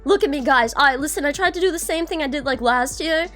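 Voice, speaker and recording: A woman's voice: sits high, quick pace, fairly bright tone, faint music behind. A young adult woman streaming, chatting casually and greeting her viewers by name, bubbly and swearing now and then.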